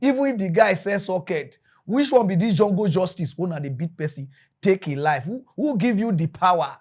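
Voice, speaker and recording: A man with a Nigerian Pidgin accent, ranting in animated commentary as a mock news presenter. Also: high-pitched, normal speed.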